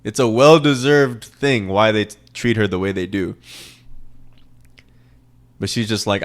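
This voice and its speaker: Male podcast host, casual profane rant, repetitive for emphasis, low-pitched. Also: a little slow, long pauses. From American South. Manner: profane, rambling, repeats lines for emphasis.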